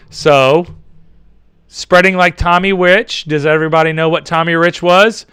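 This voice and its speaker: A young man chatting casually in a vlog, reading out viewer comments in a rambling, profane, animated way. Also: fairly high pitch, measured pace, smooth, no echo, studio quality. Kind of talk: casual chat.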